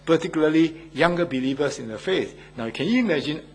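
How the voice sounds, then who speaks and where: A man's voice: on the high side, expressive, fairly quick, slightly rough. An older man, a church elder, preaching an earnest sermon and asking his listeners questions. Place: Australia.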